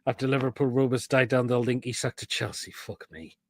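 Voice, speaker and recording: A man's voice: mid-range voice, brisk, dry recording, clean studio sound. A man hosting a casual live football chat online, reading out viewer comments and swearing freely. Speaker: host.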